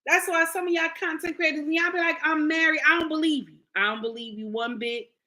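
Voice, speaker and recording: A woman's voice: sits high, steady tone, fast, sharp tone. A middle-aged woman content creator, lecturing and scolding her viewers in a blunt, preachy commentary. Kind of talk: livestream commentary rant.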